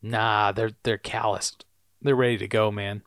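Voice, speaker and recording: A man's voice: lowish voice, level tone, a little slow, a bit bright, no room sound, studio quality. A man co-hosting a podcast, recapping a TV episode in a chatty way, laughing often and dropping into character voices. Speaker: podcast co-host. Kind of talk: casual TV recap chat.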